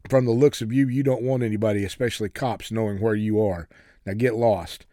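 A man voicing a spoiled, furious young woman in a hospital bed, yelling insults in a raised, shrill voice. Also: moderate pace, dry recording, studio quality, natural voice. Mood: enraged.

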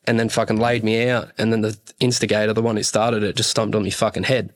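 A man's voice: fairly low pitch, level tone, fast talker. A man, a podcast guest telling a long story in a rambling, heavily sworn casual way. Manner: profane, rambling, fillers like "rah, rah".

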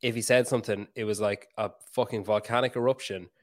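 A man, talking in a loose, rambling way and poking fun at himself. His voice sits a little low, and he swears freely as he chats. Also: fairly even intonation, fast talker. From Ireland. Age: 30s. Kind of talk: casual chat.

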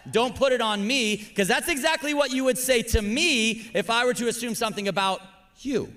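A man, a pastor, preaching a sermon, pressing his listeners to answer and swinging from loud exhortation to hushed, soft lines. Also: very high-pitched, normal speed. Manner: calls on the congregation to answer.

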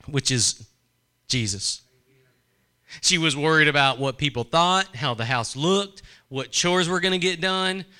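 A man's voice: high voice, pushed and bright, clean tone. A man preaching a sermon in a conversational way, asking the congregation questions and acting out quoted voices.

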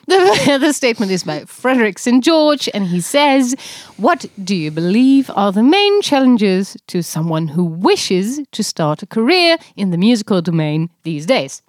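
A woman's voice: mid-range voice, sing-song, normal speed, few pauses, no echo, clean studio sound. A woman co-hosting a podcast, chatting casually and laughing often. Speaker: podcast co-host. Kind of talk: casual chat.

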